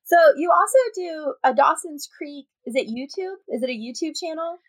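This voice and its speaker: A woman's voice: sits high, normal speed, no echo. A young adult woman hosting a podcast, chatting casually and telling stories with lots of laughter. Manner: animated storytelling, laughs often. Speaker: podcast host. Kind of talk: casual chat.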